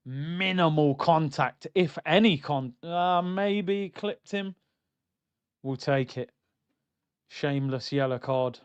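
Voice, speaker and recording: A young man reacting live to a football match on stream, swinging between loud outbursts and low muttering. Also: lo-fi sound. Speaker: watchalong streamer.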